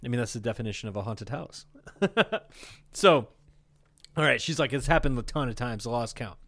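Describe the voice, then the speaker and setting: A man's voice: medium pitch, brisk. A man co-hosting a casual comedy podcast, reading out a listener's story with running jokes and laughter. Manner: animated storytelling, reads a letter aloud with quips and laughs. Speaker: podcast co-host.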